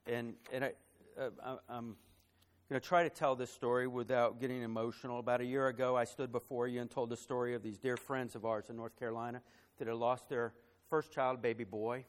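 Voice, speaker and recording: With a mid-range voice showing little pitch movement, a man preaches as pastor at a fairly quick pace. He rises to loud, emphatic lines and softens for a personal story, using some fillers and repeating words.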